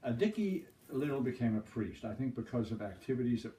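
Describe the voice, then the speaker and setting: A man's voice: mid-range voice, expressive, a little fast. An older man from the Boston area telling anecdotes in a chuckling, rambling, folksy way. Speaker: storyteller. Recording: roomy, distant mic, background noise.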